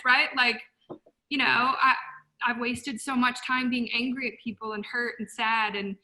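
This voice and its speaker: Woman, motivational guest, passionate, blunt, bright tense voice, high-pitched. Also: expressive, a little slow, poor audio. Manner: passionate, blunt, quotes herself loudly. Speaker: guest speaker. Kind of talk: emotional motivational talk.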